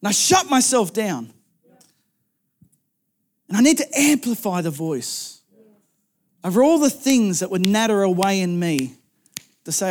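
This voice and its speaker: A male pastor delivers a sermon in an earnest, conversational way. His voice sits notably high for a man. He often doubles back and repeats words as he thinks aloud. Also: very animated, measured pace, long pauses, a little mellow.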